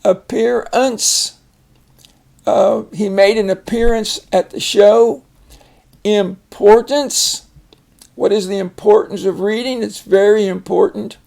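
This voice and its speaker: An older man teaching a phonics lesson, explaining each word slowly and patiently. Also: high voice, steady tone, gravelly, dark tone. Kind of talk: casual reading lesson.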